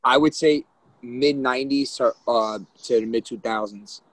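A man with a husky, mid-pitched voice argues bluntly in a casual chat. The sound is dry, with no room echo. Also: normal speed.

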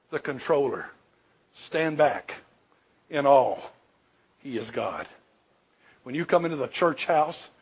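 A man's voice: high-pitched, fairly bright tone. A man preaching a sermon in a folksy, humorous, emphatic way. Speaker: pastor. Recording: dull lo-fi recording.

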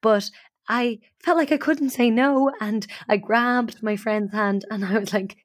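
A woman podcast co-host telling a funny personal story in an animated, self-mocking way. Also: a little high, unhurried, dry recording, clean studio sound. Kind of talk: casual storytelling.

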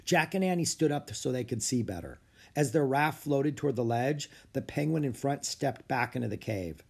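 Expressive man reading a children's book. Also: medium pitch, moderate pace, creaky, husky. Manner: expressive, story-telling delivery. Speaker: audiobook narrator. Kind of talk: children's book read aloud.

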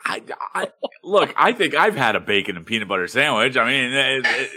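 A man's voice: mid-range voice, animated, a little fast, sharp tone. A man co-hosting a podcast, dropping dry teasing quips in casual chat. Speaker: podcast co-host and voiceover.

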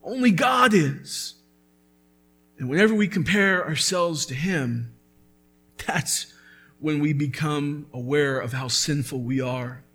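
A man's voice: a little high, moderate pace, few pauses, a bit bright, soft background music. A man preaching a sermon as pastor, earnest and building to emphatic peaks.

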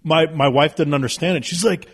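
A man in his thirties, a podcast guest telling stories in a casual, animated way, swearing freely. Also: medium pitch, moderate pace. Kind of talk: casual storytelling.

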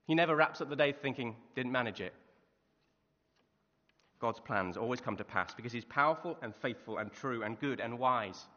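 A man's voice: mid-range voice, fairly quick, hardly any pauses. A man preaching a sermon in a church, telling stories and asking the listeners questions. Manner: lively storytelling with rhetorical questions. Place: church hall. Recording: muffled reverberant hall recording.

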